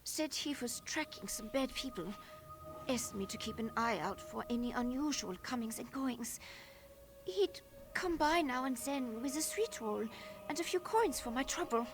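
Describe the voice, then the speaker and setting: A woman voicing a frightened female informant in a video game, nervous and defensive, quick to plead. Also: high-pitched, animated, music in the background. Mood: wary recollection. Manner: threatens nervously, then pleads.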